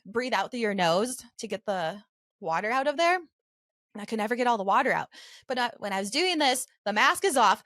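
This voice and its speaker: A woman's voice: fairly high pitch, a bit bright, dry recording, studio quality. A young woman podcast co-host telling a story in a casual way, full of "like" fillers, acting out her own panicked quotes.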